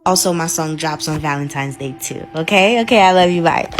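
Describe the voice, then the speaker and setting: A woman's voice: low-pitched, brisk, music in the background. A woman hosting her channel, telling a dramatic story in a chatty, casual way, full of "like"s.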